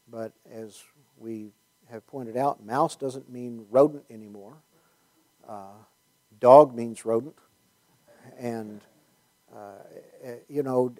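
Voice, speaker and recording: An American man with a warm, mid-range voice gives a conversational Bible teaching talk. He rambles, with plenty of fillers, restarts and wry asides.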